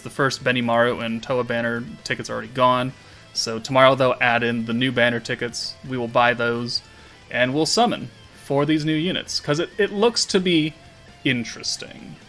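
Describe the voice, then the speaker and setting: A man's voice: medium pitch, fairly bright tone. A man hosting a gaming channel, giving casual commentary and thinking aloud in a loose, rambling way with fillers.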